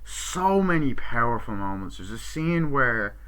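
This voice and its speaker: A man giving a rambling, profane, excitable spoken review of a film. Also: mid-range voice, measured pace, clean tone, poor audio. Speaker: movie reviewer.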